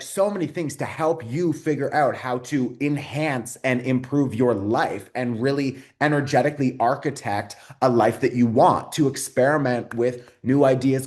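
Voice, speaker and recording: A man talks straight to his viewers in a loose, rambling way, full of "like" and "you know." He swears freely and gets excited. His voice sits at an ordinary middle pitch for a man. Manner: excitable, swears often, rambling with many fillers. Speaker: astrology video host. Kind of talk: casual unscripted talk to camera.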